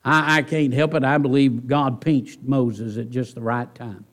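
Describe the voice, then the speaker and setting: A man preaching a sermon in church, folksy and animated, often asking the congregation rhetorical questions. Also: medium pitch, a little slow. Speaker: pastor.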